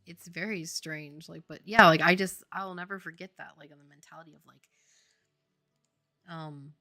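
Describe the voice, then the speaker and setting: A woman's voice: low voice, steady tone, normal speed, bright, forceful tone, dry recording. An American woman, a game developer streamer, rambling in casual livestream chat, filling her talk with "like" and laughing often. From United States.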